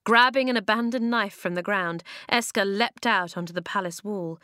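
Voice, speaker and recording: A woman reads a children's fantasy novel aloud in a middle-pitched voice, close to the microphone in a dry, dead room. Her storytelling is expressive, and she throws her voice up high and loud when the characters call out. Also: normal speed, no room sound. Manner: expressive, acts out dialogue with sharp jumps in pitch and volume. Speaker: narrator.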